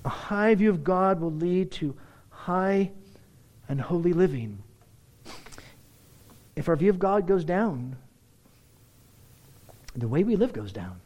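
Animated male preacher, high lively voice. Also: slow pace, pauses often, dull audio. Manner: animated preaching, rising to excited emphasis. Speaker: pastor. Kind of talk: sermon.

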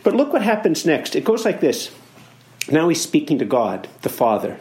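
Earnest Canadian preacher in an echoey room. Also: male voice, on the high side, very animated, normal speed, darkish tone. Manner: earnest, conversational, with restarts and emphatic repetition. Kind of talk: sermon teaching on a psalm.

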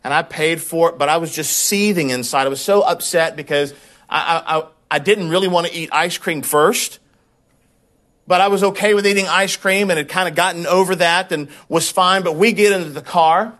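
A man preaching a sermon as a pastor, telling a personal story in a conversational, animated way and repeating words when he gets worked up. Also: on the high side, moderate pace.

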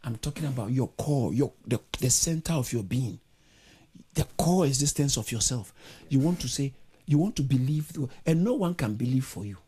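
Fervent sermon voice, husky, with a wide-ranging pitch; shouts declarations, drops to earnest pleading. Online meeting. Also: lively intonation, normal speed. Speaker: preacher. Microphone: online video meeting.

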